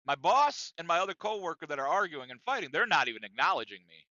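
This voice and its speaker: A man hosting a podcast, telling a profane comic story in an animated, conversational way, in a dry, dull lo-fi recording. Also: fairly high pitch, quick pace, no echo. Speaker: podcast host.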